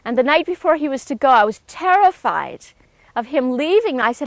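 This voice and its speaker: A woman's voice: big pitch swings, normal speed, dry recording. A woman giving an earnest, emotional personal testimony, telling her story with frequent restarts. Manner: acts out quoted voices with raised pitch.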